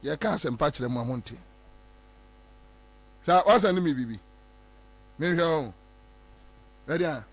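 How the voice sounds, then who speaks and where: A man's voice: on the high side, expressive, measured pace, long pauses. A Ghanaian man hosting a talk show, giving emphatic, repetitive political commentary and mocking others.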